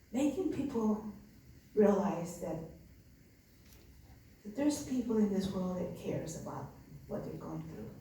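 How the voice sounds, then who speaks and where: In a mellow, mid-range voice with slight background noise, a nun shares earnest, conversational stories about her migrant respite center, peppered with fillers. The recording sounds distant and echoey, with faint ambience.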